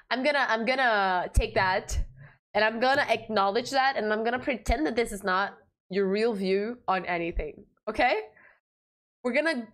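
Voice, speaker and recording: A woman streamer giving casual, blunt commentary on a game, swearing freely and laughing often. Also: on the high side.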